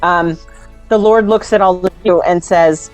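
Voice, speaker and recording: A woman narrating as game master of a tabletop game, hesitant and pausing often. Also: fairly low pitch, steady tone, darkish tone, faint music behind. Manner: hesitant, with fillers and laughs.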